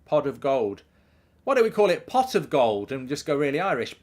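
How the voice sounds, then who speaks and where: A man's voice: a little high, very animated, normal speed. Rambling man hosting a football watchalong. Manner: rambling, self-mocking, riffs on ideas and reads out viewer messages. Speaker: host of a live football watchalong stream. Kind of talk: casual live commentary and chat reading.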